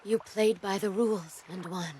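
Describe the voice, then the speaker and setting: A calm, measured voice from an anime dub clip. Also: medium pitch, background noise, lightly acted.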